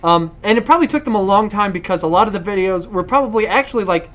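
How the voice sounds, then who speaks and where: A man's voice: sits high, lively intonation, fast talker, a bit bright, a little hiss or hum. A man co-hosting a casual gaming podcast, easygoing and adding wry asides. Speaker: podcast co-host.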